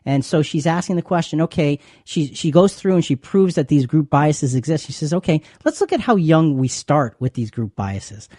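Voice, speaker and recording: A man's voice: a little high, expressive, moderate pace, few pauses, mellow, dry recording, clean studio sound. A man co-hosting a faith talk show, chatty and given to repeating words as he explains. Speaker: co-host.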